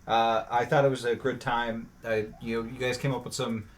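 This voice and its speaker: A man's voice: mid-range voice, little pitch movement, moderate pace. Laid-back man chatting on a podcast. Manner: laid-back, hesitant with many fillers. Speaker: podcast producer and regular. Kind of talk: casual chat.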